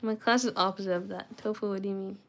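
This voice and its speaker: A woman's voice: mid-range voice, steady tone, fast. A young woman chatting casually to her viewers and reading a book aloud, with retainers in her mouth that slightly thicken her speech, stumbling and restarting as she goes. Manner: chatty, self-talking, reads aloud with stumbles. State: talking with retainers in. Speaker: study vlogger.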